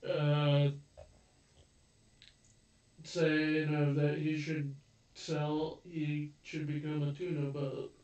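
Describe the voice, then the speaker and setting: A man co-hosting a casual review chat who chimes in from his notes with extra points and corrections. He talks slowly in a fairly flat, somewhat high voice. He is recorded in an echoey room, set back from the mic. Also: recorded from a distance, muffled recording. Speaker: podcast co-host.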